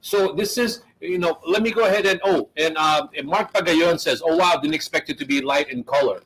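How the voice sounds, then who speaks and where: A man's voice: fairly high pitch, fairly quick, fairly bright tone, breathy edge, low-quality recording. A man hosting a live product demo, chatting casually and talking while he eats. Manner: chatty, talks while eating. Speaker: show host. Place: US studio.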